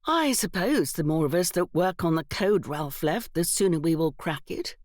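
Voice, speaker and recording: A woman voicing a thoughtful young aristocratic gentleman, mild and measured. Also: on the low side, expressive, no echo, clean studio sound, natural voice.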